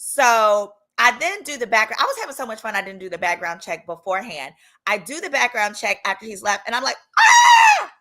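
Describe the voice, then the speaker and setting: A woman attorney hosting her channel, telling a comedic story in a playful, animated way and acting out the people in it. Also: medium pitch, a little fast. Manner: animated, playful, acts out quoted voices.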